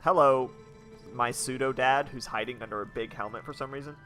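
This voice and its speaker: A man's voice: mid-range voice, steady tone, quick pace, a bit bright, faint music behind. A young man chatting casually as he plays a game, rambling with lots of restarts. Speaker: game streamer. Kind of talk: casual let's-play commentary.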